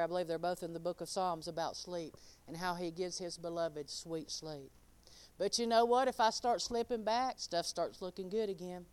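A woman preaching an informal sermon and giving her testimony. She talks straight to the crowd and swings between soft, quiet asides and loud, emphatic lines. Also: medium pitch, clean tone, dry recording. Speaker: speaker giving a testimony and teaching.

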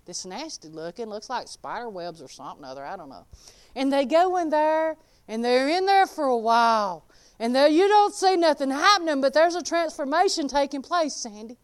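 A woman preaching a sermon in a folksy, emphatic way, swinging between loud exclaiming and quiet asides. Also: sits high, animated, normal speed.

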